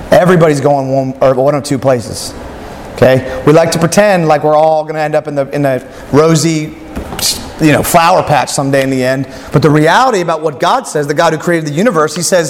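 A man's voice: a little high, brisk, in a large hall, a little hiss or hum. A male pastor preaching a sermon, telling a story and acting out its voices.

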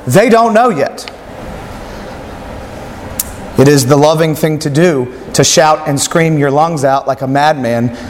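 A man's voice: fairly high pitch, long reverb tail, slight background noise. A male pastor preaching a sermon, telling a story and acting out its voices.

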